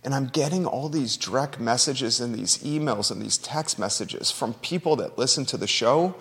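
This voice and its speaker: A man's voice: mid-range voice, normal speed, fairly bright tone. Earnest male talk show host, reverberant. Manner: earnest, emotional, conversational. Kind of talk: talk radio monologue.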